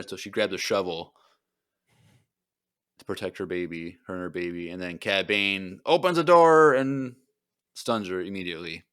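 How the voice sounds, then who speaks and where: A man co-hosting a podcast, recapping an episode in casual chat and acting out the characters' lines in quick put-on voices. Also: low voice, clear, resonant tone. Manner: animated retelling with quick voiced impressions. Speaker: podcast co-host.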